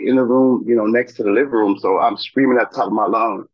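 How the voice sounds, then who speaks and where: A middle-aged man, a podcast guest, telling a personal story in a halting way, with many fillers and restarts. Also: medium pitch, fairly even intonation, no room sound, muffled recording.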